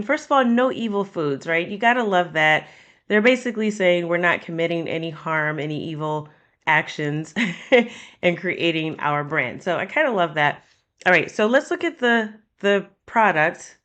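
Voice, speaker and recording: A woman's voice: lowish voice, a bit bright. A woman hosting a casual food label review in her kitchen, chatty with jokey asides. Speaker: fitness and nutrition channel host. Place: home kitchen.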